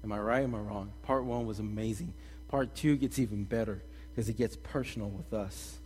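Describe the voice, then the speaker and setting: A young man giving a casual, slangy sermon as a pastor, animated and energetic in his storytelling. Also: on the low side, normal speed, faint music behind. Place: church hall. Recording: long reverb in a hall.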